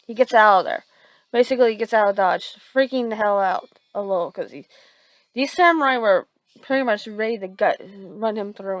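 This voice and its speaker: A woman improvising a fan fiction story aloud, halting with many restarts and fillers. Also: a little high, no echo, poor audio.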